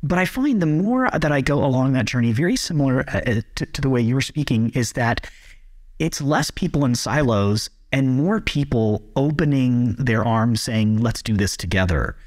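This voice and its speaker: A male podcast host speaks earnestly and reflectively, sometimes pausing to find his words. His voice sits in the middle of the male pitch range. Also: animated. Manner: earnest and reflective, some hesitations. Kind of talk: casual interview chat.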